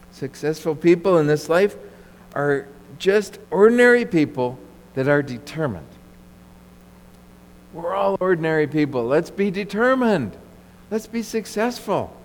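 Male pastor, sermon delivery, somewhat high and lively pitch, emphatic with repetition, long hall reverb. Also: a little slow, long pauses, slight background noise. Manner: emphatic, repeats phrases and asks the congregation questions.

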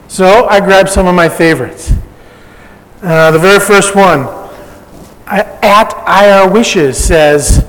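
High-voiced pastor preaching in a hall. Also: male voice. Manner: conversational preaching with light humor. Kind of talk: sermon.

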